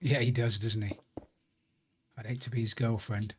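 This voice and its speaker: A man's voice: lowish voice, little pitch movement, normal speed, slight background noise. A man chatting casually and joking at his own expense while he streams a video game. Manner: chatty, self-deprecating banter. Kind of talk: casual live-stream commentary while gaming.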